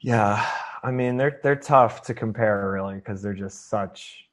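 A man's voice: fairly low pitch, measured pace. A laid-back man from New England chatting as a podcast guest, laughing easily. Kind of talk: casual chat.

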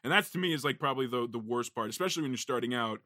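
A male podcast host with a bright, forceful tone, recorded close and dry with no room sound. He keeps things easygoing and laughs along readily as he chats about voice work. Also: medium pitch, expressive, rapid-fire, dry recording. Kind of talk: casual podcast chat.

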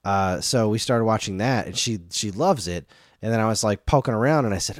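A man's voice: lowish voice, expressive, brisk, no room sound, clean studio sound. A man in his thirties co-hosting a casual chat show, rambling off on tangents. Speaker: podcast co-host.

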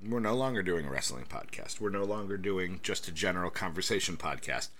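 A man's voice: low voice, lively intonation, a little fast, sharp tone, slight background noise. An American man co-hosting a podcast, joking casually and reading out a listener's email. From United States. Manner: playful, jokey, slips into a mock posh voice. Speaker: podcast co-host.

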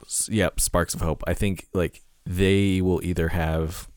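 Deep-voiced man chatting loosely. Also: level tone, measured pace, a little mellow, smooth, no echo, clean studio sound. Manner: hesitant, many fillers and restarts. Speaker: podcast co-host. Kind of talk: casual chat.

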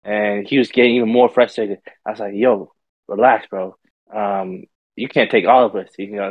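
A man's voice: fairly low pitch, fairly quick, breathy edge, no room sound, dull audio. Slangy young man telling a rambling story. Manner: rambling, repeats words, slangy. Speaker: podcast storyteller. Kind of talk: casual profane storytelling.

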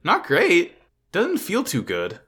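Man, podcast co-host, casual recap chat, lively pitch, bright voice, swears a lot. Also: takes it slowly. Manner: animated, swears often, heavy use of "like".

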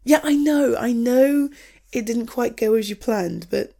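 A woman's voice: on the high side, a little slow, gravelly, mellow. A young woman playing an affectionate girlfriend in a scripted audio role-play, laughing often, swearing freely and teasing her partner before turning tender. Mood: tender, forgiving. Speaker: girlfriend coming home.

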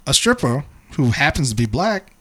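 A man on a podcast telling a funny story in casual talk, animated and quick to act out the people in it. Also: mid-range voice. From West Bank of New Orleans. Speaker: podcast host.

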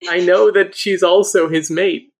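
A man's voice: high-pitched, steady tone, unhurried, creaky. A man as a guest on a podcast, chatting casually and reading book passages aloud, often laughing. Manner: laughs often, reads passages with an embarrassed amusement.

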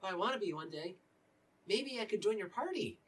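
A man playing an eager high-voiced boy. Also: lively intonation, fairly quick, fairly bright tone, husky, recorded from a distance, exaggerated voice, poor audio. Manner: hesitant, eager. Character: eager young boy, hopeful would-be cleric.

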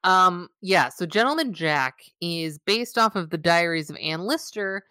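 A woman's voice: on the low side, animated, a little slow, pushed and bright, clear, resonant tone, no room sound. A woman co-hosting a podcast, chatting casually in a rambling, wry way with lots of fillers. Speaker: podcast co-host. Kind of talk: casual chat.

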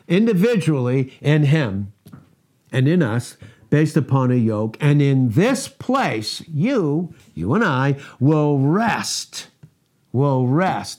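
Slow, emphatic male preacher. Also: mid-range voice, a little mellow, husky. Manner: emphatic, rhetorical questions, repeats key words. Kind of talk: sermon.

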